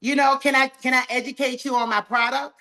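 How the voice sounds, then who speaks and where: A woman with a Southern US drawl leads a live training call, talking to her group in a folksy, plain way. Her voice sits a touch high, and she sounds energetic and encouraging. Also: brisk. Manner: folksy, talks straight to the group, says "y'all" often. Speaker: sales trainer.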